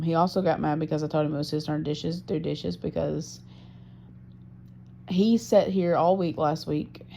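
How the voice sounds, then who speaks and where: A woman's voice: deep voice, gravelly, dark tone, slight background noise. A woman recording a personal audio diary, venting her frustration about her partner and swearing heavily. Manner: profane, frustrated, heavy swearing. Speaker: diarist.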